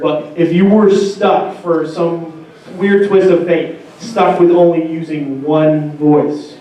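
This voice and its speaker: A man in the audience asks his question quickly and a little sheepishly. His voice sits slightly high. He is heard from far off in a reverberant hall. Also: dark tone. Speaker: fan asking a question. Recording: distant, echoey hall.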